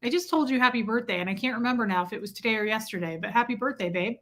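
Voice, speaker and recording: A woman with a fairly high, bright voice races through a casual livestream, reading off viewers' names in a chatty roll call as a little hiss or hum sits under her. She talks about her day, her son, and living in Michigan.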